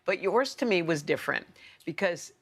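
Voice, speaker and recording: A woman's voice: on the low side, lively intonation, normal speed, slightly rough. A woman co-hosting a TV morning show in the studio, chatting in a bubbly way and reading out viewer comments. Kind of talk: casual on-air chat.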